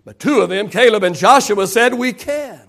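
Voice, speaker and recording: A man's voice: high voice, fairly quick, vocal fry, fairly bright tone. A male pastor preaching a sermon in a church, emphatic and calling on the congregation to repeat after him. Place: church sanctuary.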